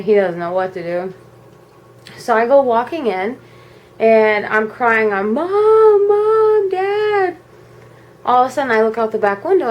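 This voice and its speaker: A young woman vlogger at home, telling a personal story in a casual, animated way. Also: medium pitch, rough recording. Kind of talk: storytime vlog. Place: home at night.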